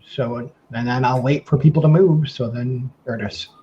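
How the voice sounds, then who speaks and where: A man's voice: medium pitch, steady tone, normal speed. A man playing a tabletop game over voice chat, plainspoken and matter-of-fact. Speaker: player. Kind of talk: casual play over voice chat. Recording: dull lo-fi voice chat with faint hiss.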